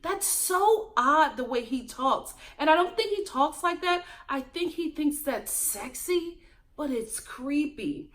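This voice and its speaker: A woman hosts a casual reality TV review with a gossipy, animated delivery. Her voice sits fairly high and swoops up and down. She slips into mock voices to imitate the people she is talking about. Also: takes it slowly. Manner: animated and gossipy, mimics cast members. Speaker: show recap host.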